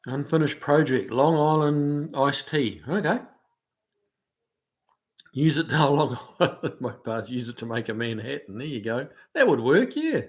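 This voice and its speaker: A New Zealand man hosting a casual livestream, easygoing and chatty, often laughing and pausing on fillers as he reads out viewer comments. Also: medium pitch, big pitch swings. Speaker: livestream host. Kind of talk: casual live chat, reading out viewer comments.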